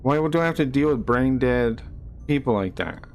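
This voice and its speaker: A man's voice: medium pitch, lively intonation, moderate pace, a little hiss or hum. A man streaming live, ranting angrily at people in his chat, swearing and repeating himself. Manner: angry, profane, repeats himself, rising to shouts.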